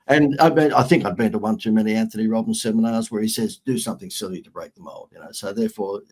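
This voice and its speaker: A middle-aged man with an Australian accent, a guest on an interview show, telling lively anecdotes with sarcastic humor. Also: on the low side, fast talker, breathy edge. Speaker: guest, marketing consultant. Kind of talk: storytelling interview chat.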